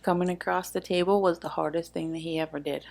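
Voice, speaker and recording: A woman's voice: on the low side, fairly even intonation, fast talker, vocal fry, darkish tone. A woman co-hosting a true-crime podcast in casual chat, blunt and speculating aloud. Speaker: podcast co-host.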